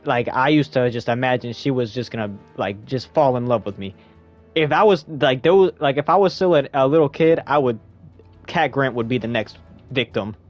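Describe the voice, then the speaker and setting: A man's voice: normal speed, soft background music. A young man giving a rambling, slangy spoken movie review in a casual chat style. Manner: rambling, slangy, jumps into high squeaky voice when quoting himself.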